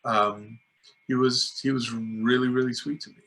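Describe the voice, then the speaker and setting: Speaking at a normal pace in a mid-range voice, a middle-aged man appears as a filmmaker guest in a relaxed interview. He spins lively stories, acts out other people's lines, and peppers his talk with "like" and "you know."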